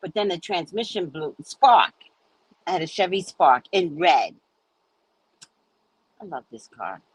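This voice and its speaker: A woman hosting a casual livestream chat, telling rambling stories in an animated way and greeting viewers. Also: lowish voice, measured pace, long pauses, slightly rough, rough recording. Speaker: livestream host.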